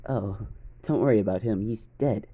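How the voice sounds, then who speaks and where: A man voicing a cold, ruthless young boy held captive, speaking in a flat, calm way. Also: lowish voice, normal speed.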